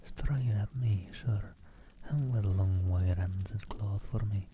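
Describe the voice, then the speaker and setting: A man's voice: lowish voice, slow, background noise. A man whispering as a terrified doomed sailor. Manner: soft pleading whisper. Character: terrified young male sailor, sobbing and doomed. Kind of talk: whispered role-play.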